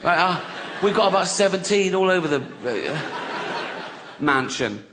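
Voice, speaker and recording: A man's voice: high-pitched, big pitch swings, normal speed. A middle-aged man doing a stand-up routine, crude and mocking, acting out silly voices. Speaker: stand-up comedian. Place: stage before a live audience. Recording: loud background noise from a live crowd. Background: loud audience laughter.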